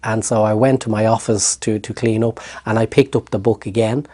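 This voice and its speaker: A middle-aged Irish man, a therapist, recounting a personal story in an interview with lively restarts. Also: on the low side, a little fast. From Ireland. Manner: animated storytelling with hesitant restarts. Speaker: guest, therapist.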